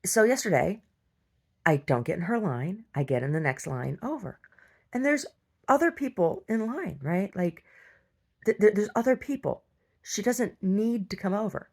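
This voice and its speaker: A woman's voice: medium pitch, animated, normal speed, a little mellow. A woman telling a story in an emphatic, indignant casual rant, often asking "right?" and restarting her sentences. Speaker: vlogger.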